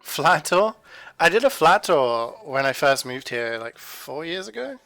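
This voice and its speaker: A chatty man talks to his stream while he cooks in his home kitchen, rambling from one thought to the next. His voice sits a little high for a man, and soft music plays faintly behind him. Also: very animated, a little slow. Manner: rambling, chatty, talking to chat while cooking. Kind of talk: casual cooking stream chat.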